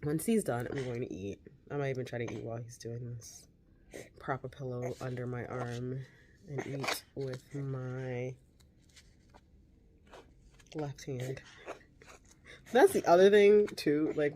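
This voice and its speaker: A woman's voice: extremely low pitch, slight background noise. A woman in her forties talking candidly at home about life with her baby, in a chatty vlog manner with tender asides to the child. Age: 40s. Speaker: mom vlogger. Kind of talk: casual vlog chat.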